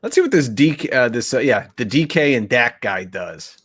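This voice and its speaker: A man with a mid-pitched voice co-hosting a casual podcast. He talks in an easy, conversational way and often asks questions. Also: lively intonation, moderate pace, a bit bright, breathy edge. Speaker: podcast co-host. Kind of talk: casual fantasy football chat.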